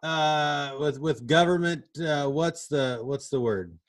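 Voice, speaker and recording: A man's voice: on the high side, takes it slowly. A man co-hosting a church podcast, chatting casually, teasing and laughing, with many fillers and hesitations. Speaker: podcast co-host, pastor. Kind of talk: casual chat.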